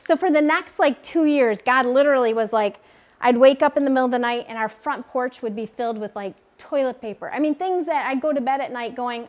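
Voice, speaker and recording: A woman in her thirties telling a personal faith testimony, with lively storytelling, lots of filler words and acted-out quotes. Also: sits high, brisk. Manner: animated storytelling, acts out quoted voices, many fillers of "like". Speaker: speaker sharing a faith testimony.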